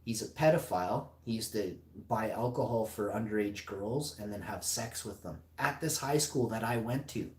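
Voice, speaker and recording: A man telling a story on a livestream podcast, swearing constantly and getting loud and heated. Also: lowish voice, normal speed, few pauses, reverberant. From Canada. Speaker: podcast host.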